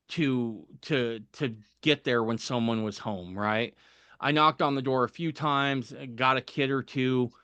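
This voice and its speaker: A man's voice: mid-range voice, bright, forceful tone, clean tone, no echo. A man guest on a podcast telling a personal story, animatedly acting out the voices of people he quotes and chuckling at the funny parts.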